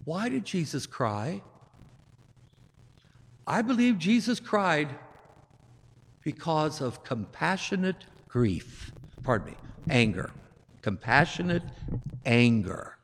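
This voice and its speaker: Man, priest, slightly high voice, deliberate sermon delivery, roomy church echo. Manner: slow, deliberate delivery with emphatic rises. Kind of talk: gospel reading and sermon. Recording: echoey church hall, long reverb.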